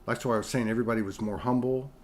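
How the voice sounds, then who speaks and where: A man's voice: mid-range voice, steady tone, rapid-fire, a little hiss or hum. A male host leads a casual interview in a mid-range voice. He meanders, repeating words and restarting sentences as he works his thoughts out.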